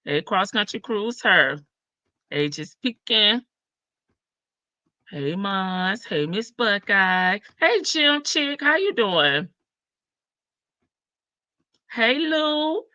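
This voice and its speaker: Bright-voiced chatty woman livestream host. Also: mid-range voice, animated, extremely slow, long pauses, no echo. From Chicago. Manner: chatty, greets viewers one by one, sassy asides. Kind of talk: casual livestream chat.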